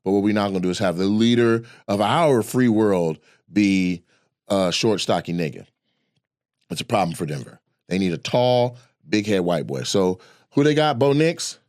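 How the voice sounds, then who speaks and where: A man with a slightly low voice talks through a casual podcast chat in an animated, loose way, cursing without a second thought. His voice sounds close and dry, with almost no room around it. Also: normal speed, no echo. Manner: animated, loose, swears freely. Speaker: comedian and podcast guest.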